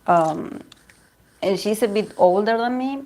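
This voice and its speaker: Argentine woman, Spanish native, tarot host; rambling, restart-prone casual chat, mid-pitched. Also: a little slow, a little mellow. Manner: chatty and rambling, with frequent laughs and restarts. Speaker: tarot reader and channel host. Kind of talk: casual livestream chat with viewers.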